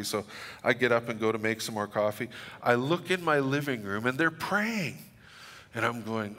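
Pastor guy telling a funny story in a sermon, bright voice, big echoey church. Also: mid-range voice, moderate pace. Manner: storytelling with humor and dramatic reading of scripture.

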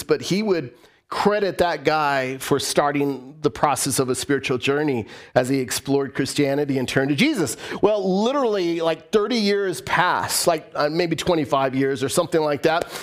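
Guy pastor preaching, kinda high voice, goes up and down a lot telling stories. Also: normal speed. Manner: animated storytelling, voice rising and falling. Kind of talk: sermon.

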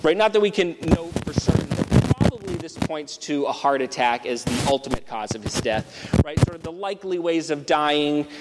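A man's voice: a little high, expressive, normal speed. A man teaching through a Bible passage in a conversational sermon style, often checking in with "right?". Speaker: preacher. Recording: long hall reverb with background noise.

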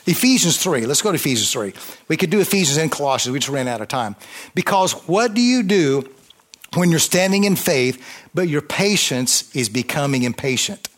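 A man preaching a sermon, fervent, with call-and-response and swings between loud emphasis and quiet intensity. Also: fairly high pitch, very animated, moderate pace.

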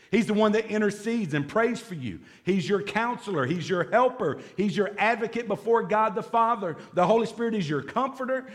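A man preaching a sermon in a church, speaking in a notably high voice. He keeps the tone loose and conversational, dropping playful jokes between his points. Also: a bit bright. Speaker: pastor.

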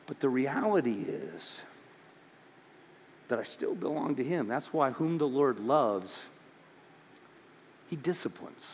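A man's voice: medium pitch, expressive, takes it slowly, long pauses, a little mellow, breathy edge, in a large hall. A man preaching a sermon as pastor, stammering into restarts and building to fervent emphasis.

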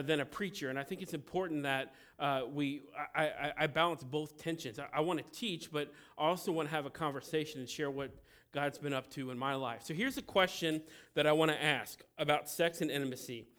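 A man in his thirties from the American Midwest giving a conversational, joking sermon with animated storytelling. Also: a little high, fairly quick. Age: 30s. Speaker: pastor.

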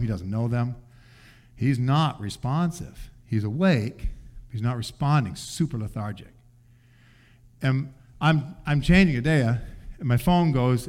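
An older man preaching, telling a family story in an animated way and acting out voices. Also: medium pitch. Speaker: pastor. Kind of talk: sermon storytelling.

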